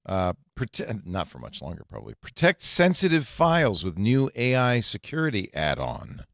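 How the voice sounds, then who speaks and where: A man's voice: lowish voice, wildly swooping pitch, normal speed, creaky, a bit bright, no echo, studio quality. An older man hosting a casual tech podcast, reading headlines aloud and adding joking asides. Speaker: podcast host.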